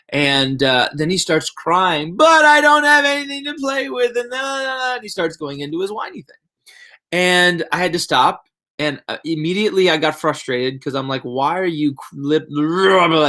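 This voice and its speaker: A young adult male pastor giving a casual devotional talk, telling a story with lively, rambling restarts. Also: a little high.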